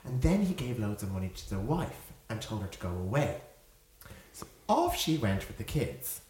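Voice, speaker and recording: A young man in his twenties, a podcast co-host, telling an animated story in casual chat, often laughing and acting out quotes. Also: lowish voice, normal speed. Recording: echoey room with faint noise.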